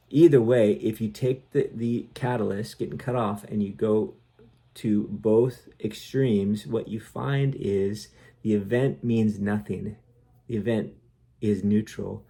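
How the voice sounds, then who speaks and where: Man with a low, gravelly, husky voice, dark tone, calm explanatory self-help monologue. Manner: calm, explanatory, with many fillers and restarts. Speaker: author and self-help speaker. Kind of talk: reflective monologue.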